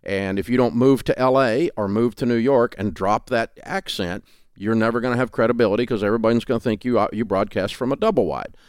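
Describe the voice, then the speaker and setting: A man's voice: mid-range voice, fairly quick, smooth, dry recording, studio quality. A middle-aged man with a Southern accent, speaking as a guest in a podcast interview in a folksy, emphatic storytelling way. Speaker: guest, finance radio host.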